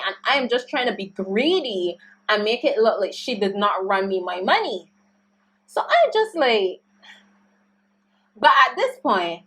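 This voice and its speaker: A young woman telling a storytime vlog story, animated and slangy as she vents. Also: on the high side. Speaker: YouTuber.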